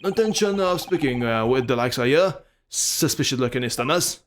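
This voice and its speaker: A man voicing a gruff, hostile prison governor with an Irish accent, blustering and threatening. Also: medium pitch, expressive, fairly quick, a little hiss or hum, close to an everyday voice. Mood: suspicious.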